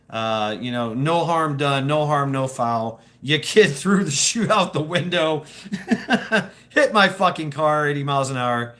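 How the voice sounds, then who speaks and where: A man's voice: fairly high pitch, expressive, measured pace, a bit bright. A man talking casually to his viewers in a rambling monologue, stammering and repeating words, swearing freely and laughing as he goes.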